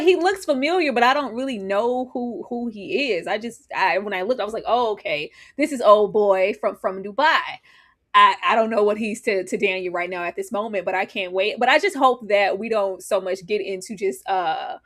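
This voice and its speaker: A woman co-hosting a casual TV recap, excitable and laughing often. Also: mid-range voice, moderate pace. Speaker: podcast co-host.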